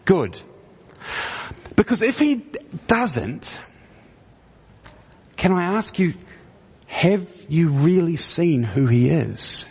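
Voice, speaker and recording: A preacher gives a conversational sermon in a husky, rather high, sing-song voice, speaking very slowly with long pauses. His words echo at length through the church hall. He often stumbles and starts over before building to pointed, emphatic questions.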